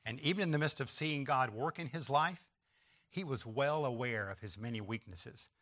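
Bright-voiced man preaching a sermon. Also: medium pitch, normal speed. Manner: emphatic repetition with rising stress on key phrases; references an outline and slides to listeners.

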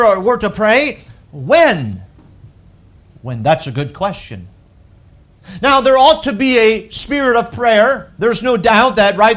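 Male pastor, high-pitched, emphatic sermon delivery with loud peaks and soft falls. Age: adult with wife and children. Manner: emphatic preaching with wide swings from loud to hushed.

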